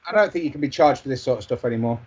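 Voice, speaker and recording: A man's voice: medium pitch, rapid-fire, darkish tone, husky. A man co-hosting a podcast, telling sweary anecdotes in casual chat. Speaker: podcast co-host.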